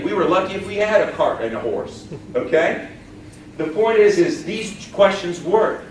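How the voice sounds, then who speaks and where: A man's voice: sits high, a little hiss or hum. A man leading a live sales training, folksy and emphatic, often quizzing the audience. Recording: echoey room, distant mic.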